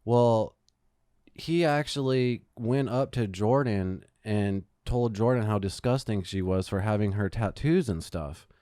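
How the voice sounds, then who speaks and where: A man's voice: on the low side, measured pace, dark tone, clear, resonant tone, dry recording. Casual male podcast co-host, profane rambling storyteller, clean dry close-mic sound. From Phoenix, Arizona. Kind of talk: casual chat.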